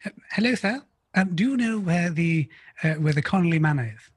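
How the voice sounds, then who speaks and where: A man playing a polite hesitant husky driver. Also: fairly high pitch, lively intonation, fairly quick, no room sound, studio quality.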